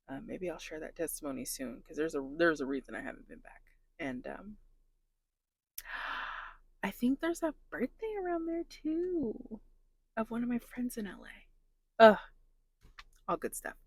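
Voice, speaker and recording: A woman's voice: deep voice, dry recording. A young adult woman talking in a casual confessional vlog, earnest and emotional, saying "like" a lot. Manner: earnest, emotional, heavy use of "like". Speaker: plus-size influencer vlogger.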